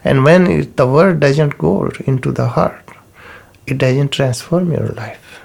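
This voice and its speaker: Slow gravelly man teaching. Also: mid-range voice, darkish tone. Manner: unhurried, repeats key terms, non-native phrasing. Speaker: spiritual teacher. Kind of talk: slow spoken teaching talk.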